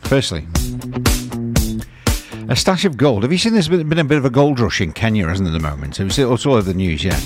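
A man's voice: medium pitch, animated, fast talker, pauses often. An older man presenting on radio, rambling conversationally and throwing rhetorical questions at listeners. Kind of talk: chatty radio talk. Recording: music playing underneath.

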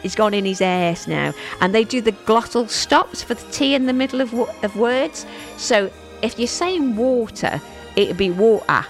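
A woman presenting on the radio, chatting in a nostalgic, easygoing way and laughing easily. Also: a little high. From England.

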